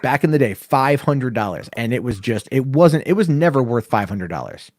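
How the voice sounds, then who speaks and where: Profane, animated male podcast storyteller. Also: medium pitch, normal speed, dry recording, studio quality. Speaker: podcast host. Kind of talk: casual storytelling chat.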